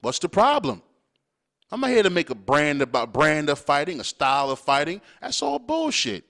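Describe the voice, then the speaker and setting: A man's voice: a little high, sing-song, normal speed, sharp tone. Blunt, profane ranting man. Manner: emphatic, hammering points with "all right?". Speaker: podcast host. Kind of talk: opinionated monologue.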